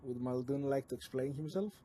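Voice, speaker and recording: A man's voice: mid-range voice, fairly quick, mellow. A man serving as game master, narrating a tabletop game with an earnest tone and steering the players back on track.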